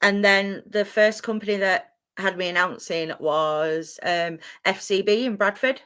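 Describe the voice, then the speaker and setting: Young woman from England, expressive, excitable, laughs a lot, wrestling announcer. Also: mid-range voice, unhurried, clean tone. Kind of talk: candid interview answers.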